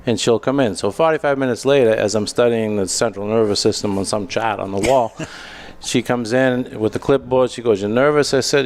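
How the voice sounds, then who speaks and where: A middle-aged man hosting a comedy show, telling stand-up stories with a dry, deadpan delivery. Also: medium pitch, a little fast. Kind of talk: stand-up storytelling.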